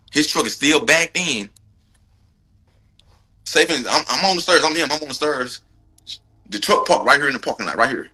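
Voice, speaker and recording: A man whose brother was a victim gives a court update, his medium-pitched voice sharp and husky. He angrily recounts what happened in a casual, profane, emphatic way, repeating himself for stress.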